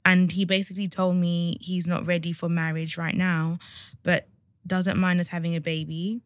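A woman's voice: little pitch movement, moderate pace, no echo. Young woman, podcast co-host, agreeable, dry close sound. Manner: agreeable, frequent yeahs, lowers voice when reading. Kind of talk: casual advice chat, reading listener letters.

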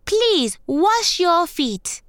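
Woman narrator voicing a fretful storybook grasshopper, high and insistent, slow delivery. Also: big pitch swings, a bit bright, no room sound, studio quality, exaggerated voice. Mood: fussy. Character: fussy, insistent male grasshopper host.

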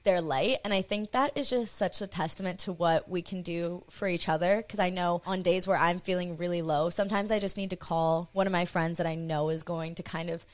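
A young woman hosts a casual podcast in a lower, slightly deep voice. She talks in a gushing, filler-heavy flow. The sound is dry and close, with no room behind it. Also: steady tone, a little fast, few pauses, no room sound. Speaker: podcast host.

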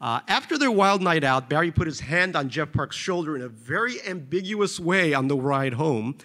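A man's voice: fairly high pitch, lively intonation, normal speed, sharp tone. A man reading a novel aloud, with wry, conversational asides between the passages. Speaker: reader.

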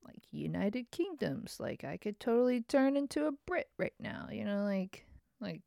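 A woman's voice: mid-range voice, very animated, normal speed, creaky, warm tone, no room sound, clean studio sound. A woman hosting her own podcast, chatting in a rambling, self-mocking way. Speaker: podcast host. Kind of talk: casual chat.

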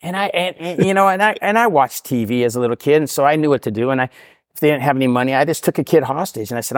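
A middle-aged man tells a long, meandering story at a brisk, quick clip. He keeps tagging questions onto his sentences in a self-deprecating, chatty way. The sound is dry and close, with no room around it. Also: on the high side, no room sound. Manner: rambling, self-deprecating, repeats "right?". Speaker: podcast guest sharing recovery story. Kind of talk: casual storytelling. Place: podcast studio.

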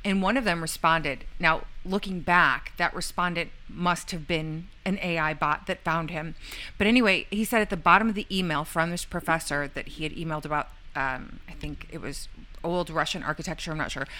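A woman's voice: deep voice, fairly quick, bright, forceful tone. A woman co-hosting a talk show, retelling a story in a rambling way, with lots of fillers and quoted lines. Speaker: podcast co-host. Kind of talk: casual storytelling chat.

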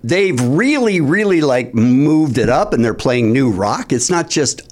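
A man's voice: medium pitch, lively intonation, unhurried. A man who works as a radio DJ, a guest in casual chat, with a dry, wry sense of humor.

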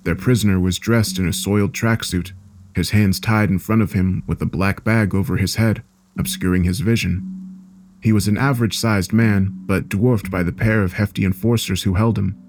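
A man giving a measured, dark horror story narration. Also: on the low side, fairly even intonation, a little hiss or hum.

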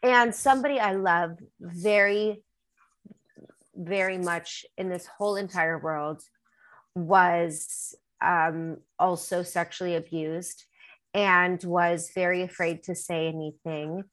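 Woman, bright voice, singer guest, emotional, rambling, candid interview. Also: lowish voice, steady tone, takes it slowly, rough recording. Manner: emotional, rambling, many fillers.

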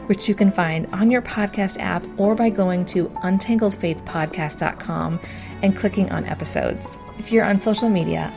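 A woman podcast host reading a scripted outro announcement in a steady, friendly way. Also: fairly low pitch, gravelly. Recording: voice over background music. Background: music.

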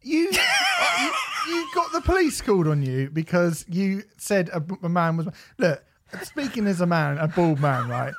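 A man's voice: on the high side, slight background noise. A man co-hosting a podcast, chatting casually, swearing and joking. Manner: sweary, jokey, mocking put-on voices. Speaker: podcast co-host. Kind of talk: casual chat.

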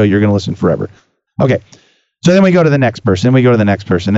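Male podcast host, middle pitch, loose rambling storyteller who stumbles and repeats words; dry, slightly dull recording. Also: darkish tone, no echo. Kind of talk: casual storytelling.

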